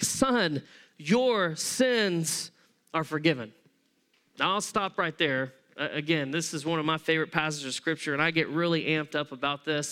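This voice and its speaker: A man preaching a sermon as pastor, conversational and animated, acting out the people in the story as he tells it. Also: on the high side, clear, resonant tone. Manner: acts out voices of people in the story.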